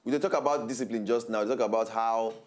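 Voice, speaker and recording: Brief: Nigerian man, TV co-host, easy mid-pitched banter, fond of mimicking. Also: steady tone, quick pace. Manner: playful, banters and mimics voices. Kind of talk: casual chat in Pidgin.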